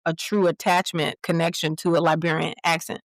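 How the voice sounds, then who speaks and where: A woman's voice: sits low, little pitch movement, brisk, no echo. A woman actress, a guest who speaks expressively and swoops into playful voices in a casual chat. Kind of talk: casual conversation.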